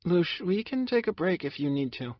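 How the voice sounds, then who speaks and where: A male narrator voicing a gentle, caring young woman who speaks softly and apologetically. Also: high voice, big pitch swings, normal speed, dry recording, muffled recording, voice pushed up. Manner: soft, hesitant, apologetic.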